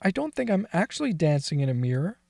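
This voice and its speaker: A man's voice: on the high side, big pitch swings, slow pace, darkish tone, no room sound, clean studio sound. An actor playing a crude, bitter man who has lost his memory after a brain injury, swearing constantly and crying in an audio drama. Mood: weeping. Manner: swears constantly, blunt and scornful. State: crying and laughing.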